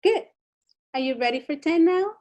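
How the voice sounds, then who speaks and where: A woman presents a kids' drama program in a high, bright voice. She is playful and encouraging, urging the children to try each exercise. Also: animated, moderate pace. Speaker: co-host of a children's drama class.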